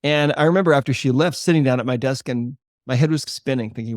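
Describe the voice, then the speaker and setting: An older man, a holistic chiropractor, explaining his work and telling a patient story in a podcast interview with a measured, earnest delivery. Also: mid-range voice, no echo, studio quality. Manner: earnest, measured explainer who slows for emphasis.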